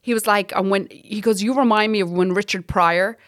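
Lively Irish woman telling comic stories. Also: medium pitch, a little fast, no room sound, studio quality. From Ireland. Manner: lively storyteller, laughs often, swears freely. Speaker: stand-up comic, podcast guest. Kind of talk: casual chat.

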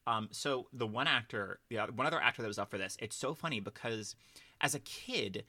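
A man's voice: medium pitch, brisk, pushed and bright, no echo. A man co-hosting a casual film podcast, rambling with lots of fillers and restarts. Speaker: podcast co-host.

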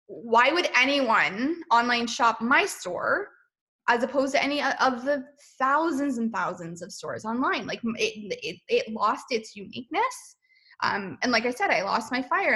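A woman in her thirties talks as a podcast guest in a loose, rambling way, full of "like" and "um." She often laughs at herself. Her voice is bright and sits a little high. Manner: chatty, self-deprecating, laughs often, many fillers. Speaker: podcast guest, boutique owner. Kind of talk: casual interview chat.

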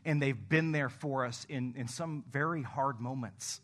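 A male pastor giving a conversational sermon in a medium voice, neither high nor low. He tells candid, self-deprecating stories and acts out bits of them, then eases into a quiet, slower prayer. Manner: acts out phone calls in animated voices; softens to a hushed, slow tone in prayer.

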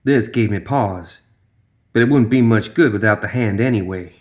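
A man's voice: lowish voice, moderate pace. A man narrating a first-person horror story in a tense, dramatic way.

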